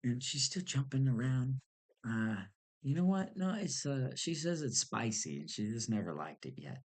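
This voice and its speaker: A man's voice: medium pitch, sing-song, moderate pace, slightly rough. A man vlogging, animatedly telling a personal story, laughing often and acting out the people in it. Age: adult with a child.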